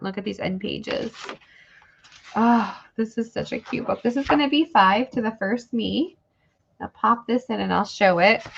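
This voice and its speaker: A woman with a mid-range, slightly bright voice and vocal fry hosts a live online sale. She chats casually, rambling as she thanks viewers by name. The stream audio is dull and lo-fi, with faint noise.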